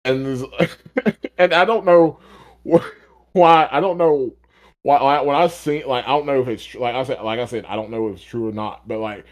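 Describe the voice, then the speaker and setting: A man co-hosting a casual podcast, telling stories in an animated way and laughing often. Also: medium pitch, moderate pace. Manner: animated storytelling, laughs a lot. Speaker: podcast co-host.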